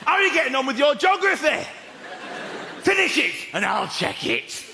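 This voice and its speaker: A man putting on an angry, loud middle-aged businessman dad with a Northern English accent, barking clipped sentences. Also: very high-pitched, sing-song, moderate pace, creaky, slight background noise, voice pushed up, full character voice. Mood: bellowing. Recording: echoey theatre with loud audience laughter.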